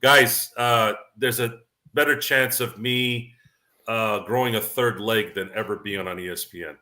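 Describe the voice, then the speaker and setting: A man's voice: fairly low pitch, steady tone, unhurried, pushed and bright. A man hosting a casual sports talk stream, rambling with stammered restarts and reading viewer questions aloud. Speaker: podcast host.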